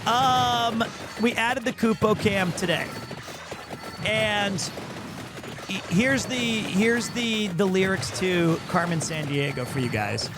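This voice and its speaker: A high-pitched male streamer whose voice is hoarse and worn. He rambles excitably in casual chat and pokes fun at himself. Clear game music plays behind him. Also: slow. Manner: rambling, excitable, self-deprecating. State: hoarse, voice partly lost.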